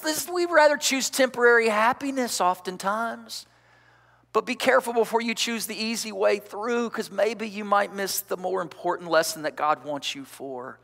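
High, forceful pastor preaching. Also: male voice, normal speed, creaky. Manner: emphatic, coaxing the congregation with call-outs. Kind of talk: energetic sermon. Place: large church sanctuary. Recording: long church-hall reverb.

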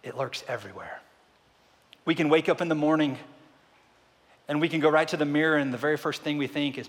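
A male pastor preaching a sermon, swinging from hushed tones to loud peaks and firing off repeated rhetorical questions. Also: on the high side, fairly quick, pauses often. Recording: reverberant hall.

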